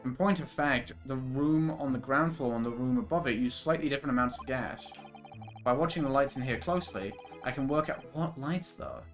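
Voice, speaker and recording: A man's voice: mid-range voice, brisk, a bit bright, soft background music, lightly acted. A man reading a breezy eccentric detective. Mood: explaining. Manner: breezy, lecturing. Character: eccentric confident male great detective.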